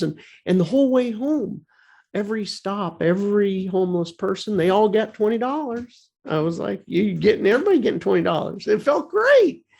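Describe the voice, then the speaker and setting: A man co-hosting a radio show, telling a story in a halting way, often repeating words and restarting. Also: sits high, gravelly, mellow. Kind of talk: casual storytelling.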